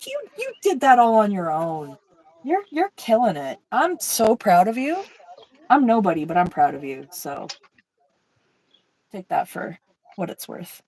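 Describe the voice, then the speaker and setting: A woman's voice: medium pitch, sing-song, measured pace, pauses often, darkish tone, rough recording. A woman co-hosting an art stream over a video call, chatting casually and emotionally as she paints, swearing now and then. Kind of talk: casual chat while painting.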